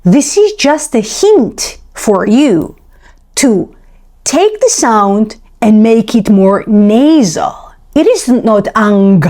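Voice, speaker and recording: A woman teaching a pronunciation lesson, repeating syllables slowly one by one and explaining patiently with small restarts. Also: fairly high pitch, animated, mellow. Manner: slow, deliberate repetition of syllables. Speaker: language teacher.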